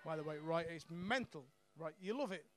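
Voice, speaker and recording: A high-voiced young man works a comedy club crowd through a handheld mic. He is brash and sweary, and he chuckles at his own punchlines as he goes. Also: animated, normal speed, fairly bright tone. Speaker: stand-up comedian. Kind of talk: stand-up set.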